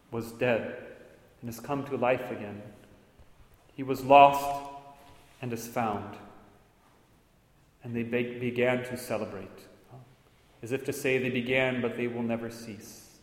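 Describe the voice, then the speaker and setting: A priest delivers a sermon in an earnest, storytelling way, now and then dropping in a wry aside. His voice sits a little high for a man. It rings out through a large, echoing church with a long reverb tail. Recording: echoey hall with long reverb.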